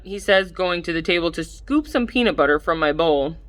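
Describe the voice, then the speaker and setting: A woman reading a first-person audiobook in a measured way, livening up the dialogue. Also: lowish voice, animated. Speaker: audiobook narrator.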